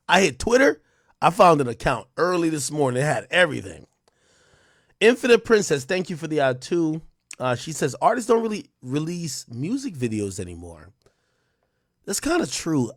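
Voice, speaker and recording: A man hosting a live stream, reading out donations in loose, profane, casual chat with loud excited bursts. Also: fairly high pitch, moderate pace, breathy edge, no echo, studio quality.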